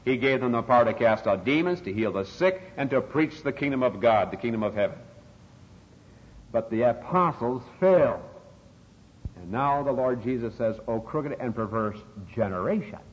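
An older man delivers an expository sermon in a mid-range, expressive voice at a moderate pace, leaning hard on key words and rising dramatically when quoting scripture. The recording is dull and lo-fi, with long hall reverb.

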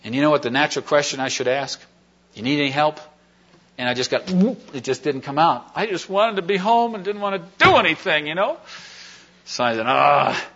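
A man's voice: fairly high pitch, animated, fairly quick, pushed and bright. A man giving a sermon testimony, telling a personal story in a rambling, folksy way with many fillers and restarts. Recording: dull lo-fi recording.

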